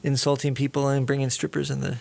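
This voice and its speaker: A man co-hosting a podcast in casual banter, joking and trading quick insults. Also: medium pitch, completely flat delivery, vocal fry, darkish tone. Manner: jokey, trades quick insults and impressions. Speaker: podcast co-host.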